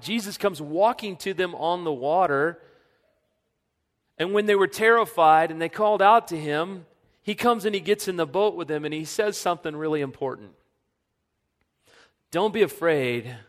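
A man preaching a sermon as a pastor, earnest, sinking to a soft hush when he speaks God's words. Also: high voice. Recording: long reverb of a church hall.

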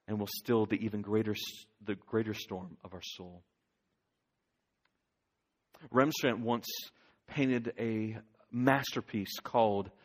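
A male pastor preaching a sermon, swinging from loud urging to near whisper. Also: lowish voice.

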